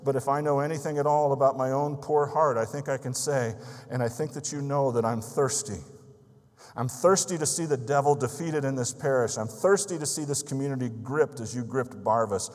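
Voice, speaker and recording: A man voicing an old blacksmith who cries out to God in loud, pleading prayer. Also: medium pitch, brisk, long reverb tail, voice pushed up, lightly acted. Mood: impassioned pleading. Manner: pleading, impassioned, raised voice. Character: fervent old male blacksmith crying out in prayer.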